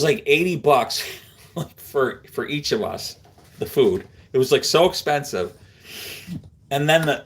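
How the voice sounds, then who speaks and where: A middle-aged man from Central New York chats with his live viewers. He rambles through his story with plenty of fillers and laughs along the way. His voice sits at an ordinary male pitch. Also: a bit bright. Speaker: livestream host. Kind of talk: casual chat with live viewers.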